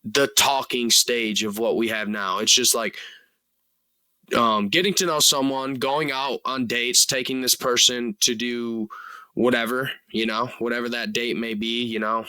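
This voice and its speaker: A man's voice: mid-range voice, fairly even intonation, measured pace, sharp tone, smooth, no room sound, rough recording. A man in his twenties hosting a solo podcast, talking casually and earnestly in a rambling way, full of fillers and casual swearing. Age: 20s. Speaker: podcast host.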